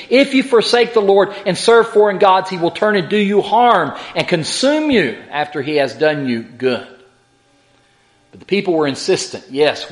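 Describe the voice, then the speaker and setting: Male preacher with a high voice, measured teaching delivery, reading quotes with dramatic weight. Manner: slow, deliberate scripture reading with dramatic emphasis on quotes; measured teaching with repeated words and rhetorical questions. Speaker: preacher teaching a Bible lesson. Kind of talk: sermon.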